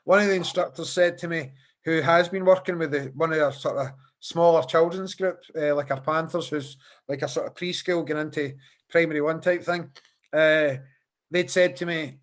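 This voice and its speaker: Chatty man, higher voice. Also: fairly even intonation, moderate pace. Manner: chatty, repeats words while thinking. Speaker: podcast host. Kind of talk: casual video-call interview. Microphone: video call.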